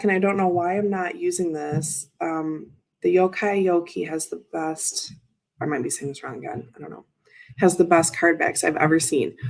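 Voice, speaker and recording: Speaking in a lowish, slightly mellow voice, a tarot reader runs a laid-back livestream. She wanders from thought to thought, interrupting herself as she responds to her chat.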